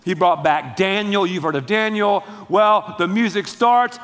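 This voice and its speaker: A man preaching a sermon, telling the story in a lively, slangy way. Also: high-pitched, unhurried, long reverb tail. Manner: animated storytelling with slangy asides. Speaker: pastor.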